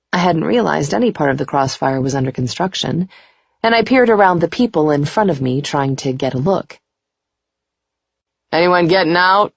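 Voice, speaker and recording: A woman narrating a first-person romance audiobook in a steady, unhurried reading voice. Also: low-pitched, vocal fry, breathy edge, no room sound. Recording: dry, dull muffled recording.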